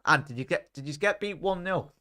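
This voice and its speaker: A man's voice: fairly high pitch, a little fast, bright, forceful tone. A man hosting a live football watchalong in casual chat, talking to viewers by name with lots of fillers. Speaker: watchalong host.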